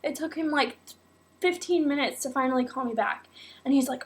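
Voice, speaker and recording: A young woman with a high voice tells a personal story straight to camera in a loose, chatty vlog style. She talks animatedly and gets carried away, tossing in "like" and "oh my God" constantly. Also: brisk. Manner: animated, acts out quotes, many fillers like "like" and "oh my God". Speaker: vlogger.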